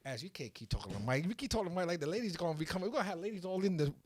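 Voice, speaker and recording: A man hosting a casual podcast, telling a story in an excitable, animated way that builds to loud peaks. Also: high-pitched, very fast, no echo. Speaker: podcast host.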